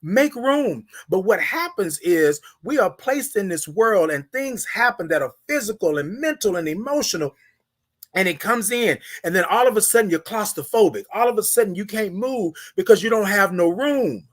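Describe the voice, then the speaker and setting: A man's voice: sits high, lively intonation, normal speed. A man hosting a morning show, giving a motivational talk in a slangy, preachy manner, calling out listeners by name and repeating phrases for emphasis. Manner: preachy, hype, talks straight to listeners by name; slangy, informal.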